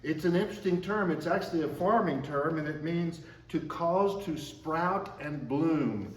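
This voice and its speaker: Measured man preaching in echoey church. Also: fairly high pitch, recorded from a distance. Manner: measured, slows down for quoted scripture. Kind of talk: sermon. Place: church sanctuary. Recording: echoey room, mic from afar.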